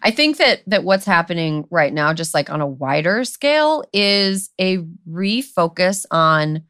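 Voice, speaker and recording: A woman's voice: on the low side, sing-song, a little slow, fairly bright tone, smooth, dry recording, clean studio sound. A woman co-hosting a podcast, talking in a loose, rambling way with lots of "like" and "you know". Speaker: podcast co-host. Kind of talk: casual conversational chat.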